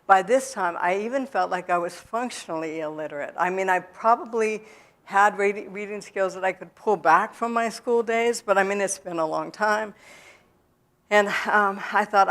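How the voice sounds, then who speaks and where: A woman's voice: mid-range voice, a bit bright. A woman speaking in a church, telling her personal recovery story in a candid way, with many restarts and fillers. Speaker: speaker giving a testimony. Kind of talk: personal testimony talk.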